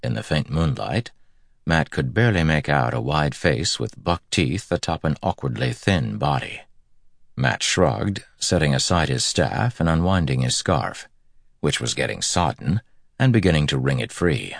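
A man narrating a story in an audiobook, with steady, measured storytelling. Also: extremely low pitch, vocal fry, no echo, clean studio sound. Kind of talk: scripted narration.

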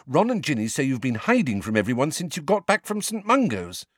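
A man voicing a clever, bossy teenage girl who talks briskly and lectures with exasperation. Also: medium pitch, sing-song, breathy edge, dry recording, clean studio sound, pitched above the performer's own voice.

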